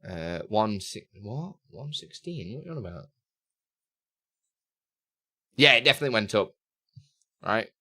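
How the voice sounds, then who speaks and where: Lively, bright-voiced male streamer chatting. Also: fairly low pitch, a little fast, husky, dry recording, studio quality. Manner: chatty, reads chat aloud and mutters while fiddling with software. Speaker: live streamer answering chat questions. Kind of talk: casual live-stream chat.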